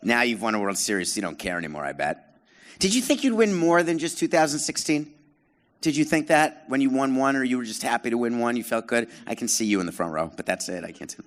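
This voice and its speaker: A man's voice: mid-range voice, expressive, fast talker. Sarcastic middle-aged man on stage. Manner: sarcastic, needling the crowd, self-deprecating. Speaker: podcast host and former baseball team president. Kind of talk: live on-stage storytelling to an audience. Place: live theater stage with an audience.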